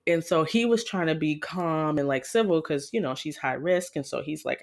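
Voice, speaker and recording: A woman casually telling a personal story in a frank, profane and animated way, jumping in pitch as she retells moments. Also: measured pace, few pauses.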